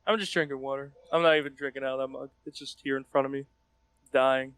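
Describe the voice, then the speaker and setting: A man's voice: medium pitch, steady tone, fast talker, a bit bright, clear, resonant tone, dry recording. A young man who is a podcast regular, speaking emphatically and dramatically, with swearing, over a call. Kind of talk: casual chat.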